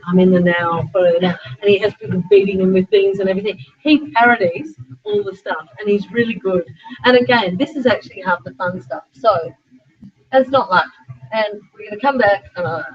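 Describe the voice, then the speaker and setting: A middle-aged Australian woman speaking as a sport psychologist, giving a chatty, animated talk to a small group of students and breaking into frequent asides. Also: medium pitch. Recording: dull lo-fi recording.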